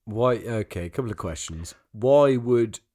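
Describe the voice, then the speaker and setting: Give me a laughing, animated male podcast host. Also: mid-range voice, normal speed, no echo, studio quality. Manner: laughs often, swears freely, riffs with silly voices. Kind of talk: casual comedy chat.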